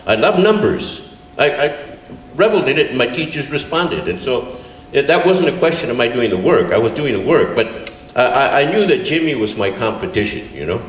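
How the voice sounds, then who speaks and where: Older man telling a lively story. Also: moderate pace. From California, USA. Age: 70s. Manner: animated, laughing, many fillers. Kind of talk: live storytelling presentation. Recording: roomy, distant live recording with faint rumble.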